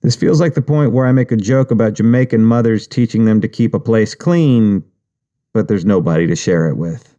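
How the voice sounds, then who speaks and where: A man reading a novel aloud in the first person, his voice low and mellow. He narrates with a wry, profane, anxious inner-monologue edge. The recording sounds slightly dull. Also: moderate pace. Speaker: audiobook narrator.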